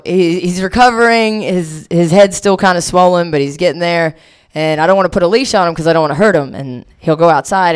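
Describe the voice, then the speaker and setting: A woman's voice: low voice, clean tone. Profane young woman doing stand-up. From Delaware. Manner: crude, profane, rambling self-deprecating storytelling. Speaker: stand-up comic. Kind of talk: stand-up comedy set.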